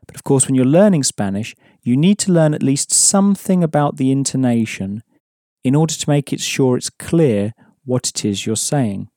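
A man's voice: mid-range voice, animated, normal speed, warm tone, no echo, clean studio sound. A man teaching an audio language course, explaining patiently and prompting the listener to answer.

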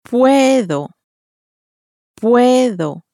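A woman pronounces lone example words very slowly for learners. Each word is deliberate and carefully shaped. The sound is close and dry, with no room around it. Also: on the high side, lively intonation, dark tone, no echo. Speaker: model speaker for pronunciation. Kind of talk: pronunciation examples.

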